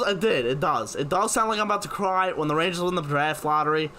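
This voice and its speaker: Young male New streamer, bright and animated, casual sports chat. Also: high voice, fairly quick, a little hiss or hum. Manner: animated, answers viewer questions by name. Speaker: live stream host reading chat questions.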